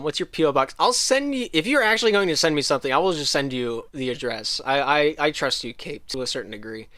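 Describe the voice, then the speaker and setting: Livestream host, male, slight Southern American drift, bright, dry close sound. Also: medium pitch, dry recording. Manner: rambling, frequent ums and restarts. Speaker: league host. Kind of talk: casual livestream talk.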